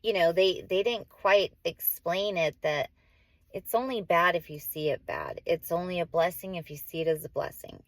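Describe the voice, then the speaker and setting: A mother in her forties speaks to her vlog camera at normal speed, her voice on the low side and free of echo. What she says is heartfelt and casual but rambling, laced with "like" and self-corrections, and she becomes emotional.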